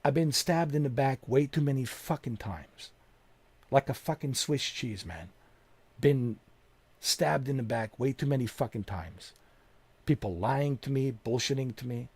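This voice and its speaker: A man's voice: medium pitch, lively intonation, measured pace, a little mellow, slightly rough. A man streaming a game, ranting angrily and bluntly at his live chat and swearing constantly. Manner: profane, heated, blunt. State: angry. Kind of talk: angry rant to live chat.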